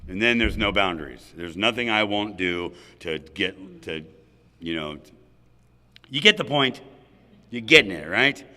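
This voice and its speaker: A man's voice: sits low, lively intonation, unhurried, pauses often, bright, forceful tone. A man sharing his recovery story at a gathering, candid and funny, with asides to the audience. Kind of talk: personal recovery talk at a roundup. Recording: hall reverb.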